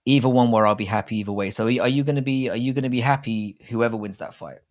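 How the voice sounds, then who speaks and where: A man's voice: mid-range voice, fast talker. Rambling, crude-humored male streamer. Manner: rambling, crude and jokey, with frequent restarts. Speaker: livestream host. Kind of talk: casual live-stream chat about fight betting.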